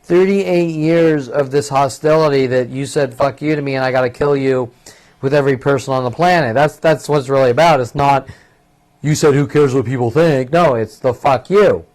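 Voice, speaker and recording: A man's voice: medium pitch, moderate pace, a little mellow. A man in his fifties delivering an agitated, profane, rambling monologue that keeps circling back on itself. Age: 50s. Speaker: vlogger.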